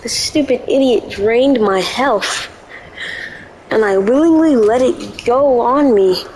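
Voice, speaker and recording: A woman's voice: on the high side, slow, darkish tone, slight background noise, poor audio. A woman giving live gameplay commentary, jumpy and easily spooked, yelping in panic. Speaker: gaming video creator.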